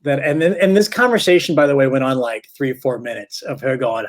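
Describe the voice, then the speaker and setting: A man's voice: fairly high pitch, lively intonation, fast talker, hardly any pauses. Rambling male comedian telling a story. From St. Louis. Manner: rambling, self-correcting, acts out quoted voices. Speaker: stand-up comedian guest. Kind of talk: casual podcast storytelling.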